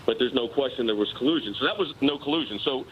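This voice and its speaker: During a live TV news interview, a man serving as a personal attorney insistently argues his case, explaining the legal points in an argumentative way. His mid-range voice moves at a quick pace, and the lo-fi audio carries a little hiss or hum.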